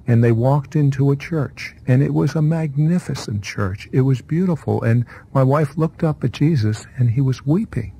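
A man's voice: medium pitch, vocal fry, warm tone, husky. A man hosting a faith interview show, questioning his guest in an earnest, emphatic way. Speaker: TV show host.

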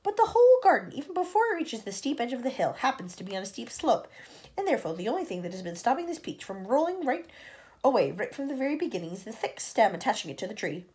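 A woman voicing a kind, gentle female ladybird in a storybook reading, talking in a chatty, reassuring way. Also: fairly high pitch, very animated, fast, pitched above the performer's own voice.

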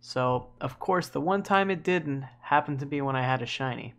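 A young man giving casual gameplay commentary, animated and swearing freely as he talks to the game. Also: medium pitch, normal speed, a little hiss or hum. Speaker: gaming YouTuber.

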